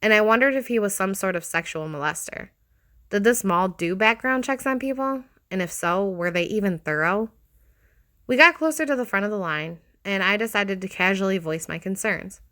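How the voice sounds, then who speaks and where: A woman giving a steady, expressive scripted reading of a horror story. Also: medium pitch, moderate pace.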